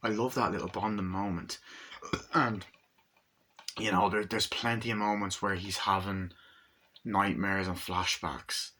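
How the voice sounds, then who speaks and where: A young man talks through a film review in a loose, offhand way, piling on fillers and the odd swear word. His voice has a bright, forward edge. It comes across as unscripted and chatty. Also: low voice, little pitch movement, measured pace, pauses often, a little hiss or hum. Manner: rambling, fillers and casual swearing. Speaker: movie reviewer. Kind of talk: casual movie review.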